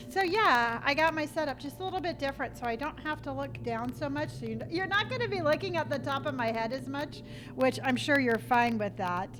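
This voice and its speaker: Upbeat high-voiced woman greeting stream viewers. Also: animated, fairly quick, music in the background, rough recording. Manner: upbeat, playful, repeats greetings in a sing-song way. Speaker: livestream host. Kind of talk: casual live-stream chat with viewers. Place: home streaming setup.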